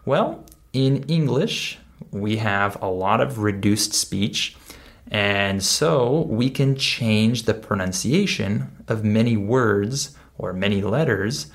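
A man teaching English pronunciation on a podcast, speaking deliberately and repeating example words and sentences. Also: fairly low pitch. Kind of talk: podcast lesson.

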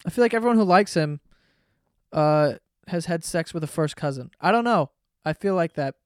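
A man's voice: fairly high pitch, expressive, normal speed, clean tone, no echo, studio quality. A man hosting a solo podcast in a casual comedic rant, profane, sarcastic and rambling. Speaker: podcast host.

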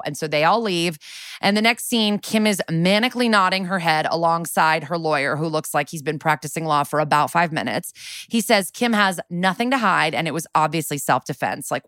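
Casting: woman podcast co-host, low-set voice, lively, profane recap storyteller, dry close mic. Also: brisk, no echo. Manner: lively storytelling, acts out quoted lines, swears freely. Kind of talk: casual TV episode recap.

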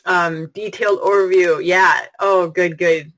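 A woman's voice: on the low side, steady tone, measured pace, a bit bright, rough recording. A woman hosting a live online product webinar, talking in a bubbly, gushing, chatty way and answering her viewers' comments. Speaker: webinar host.

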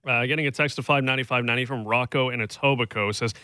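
A man's voice: medium pitch, steady tone, very fast, bright, forceful tone, dry recording. A man hosting a sports radio show, chatting casually with many fillers and asides. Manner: rambling, filler-heavy, jokey.

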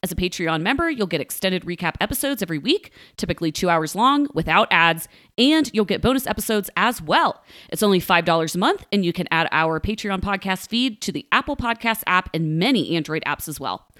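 A woman's voice: on the low side, expressive, a little fast, fairly bright tone. A woman hosting a podcast, chatting casually and laughing often. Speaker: podcast host. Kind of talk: casual chat.

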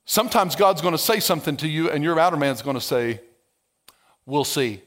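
A man preaching a lively, conversational sermon as a pastor, acting out biblical dialogue with playful sarcasm and humor. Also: a little high, fast.

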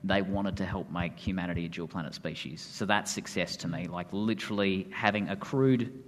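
A man's voice: low voice, normal speed. A man co-hosting a podcast and speaking at an event, earnest and chatty. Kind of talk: casual chat.

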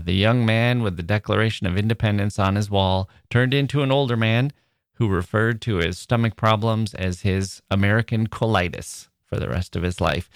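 A man with a lowish voice hosts a conversational literature podcast, telling stories wryly and wandering into digressive asides. The clean studio sound has no echo.

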